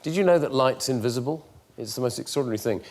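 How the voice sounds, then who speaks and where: A man on a comedy panel show, explaining an idea in a slow, deliberate way. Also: mid-range voice, animated, darkish tone. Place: TV studio.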